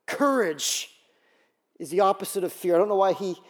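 A man preaches with animated energy, telling stories and acting out quoted voices. His voice sits high for a man. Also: normal speed. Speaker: pastor. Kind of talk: sermon.

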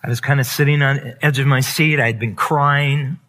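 Pastor, male, bright tone, candid confessional testimony with emphatic build. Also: mid-range voice, fairly even intonation, normal speed. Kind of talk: personal testimony sermon.

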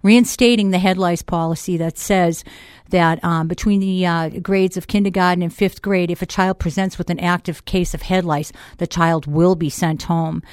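A woman's voice: lowish voice, steady tone, moderate pace, darkish tone, clean tone, no echo, clean studio sound. A middle-aged woman from Boston with a Boston accent, talking chattily as a guest on a radio interview show. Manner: chatty, self-deprecating, laughs easily. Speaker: school board candidate guest. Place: radio studio.

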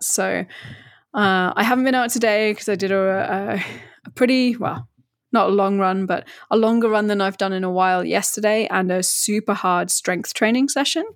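A woman's voice: medium pitch, dry recording, clean studio sound. A woman co-hosting a podcast, chatting eagerly about her new running gear in a casual way. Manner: chatty, enthusiastic, lots of "like" and restarts. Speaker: podcast co-host. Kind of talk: casual chat.

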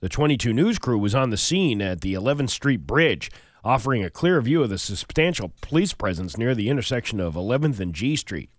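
A man's voice: medium pitch, brisk, no room sound, studio quality. A man co-hosting a morning radio show, joking around, laughing often and reading the news. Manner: jokey and animated, laughs often.

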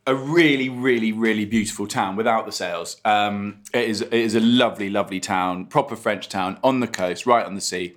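A man's voice: on the low side, brisk, hardly any pauses, a bit bright. A man who trains racehorses, co-hosting a casual chat and telling stories with plenty of restarts. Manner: chatty, storytelling with restarts. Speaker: racehorse trainer, podcast co-host.

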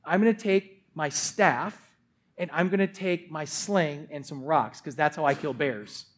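A man's voice: a little high, measured pace. A man voicing a bold, earnest young shepherd boy in a sermon retelling.

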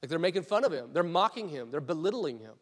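High-voiced preacher in an echoing hall. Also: male voice, fast talker. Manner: conversational, animated storytelling with restarts. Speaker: pastor. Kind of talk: sermon.

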